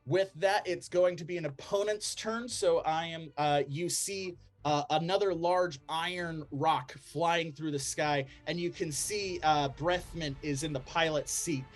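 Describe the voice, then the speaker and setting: A man narrating a tabletop game as game master, relaxed, with frequent ums and laughs. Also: a little high, unhurried, few pauses, faint music behind.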